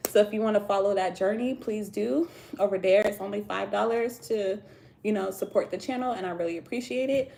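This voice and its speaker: This American woman speaks briskly in a mid-range, creaky, dark voice. She runs a casual tarot livestream from home, trading slangy chatter with viewers and breaking into laughter often.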